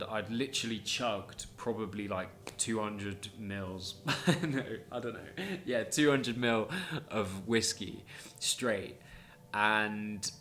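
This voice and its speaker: Bloke hosting a storytelling podcast, giggly, loose, swears, roomy echo with faint music underneath. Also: male voice, medium pitch, sharp tone. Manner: chatty, laughs often between sentences, casual swearing. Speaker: podcast host.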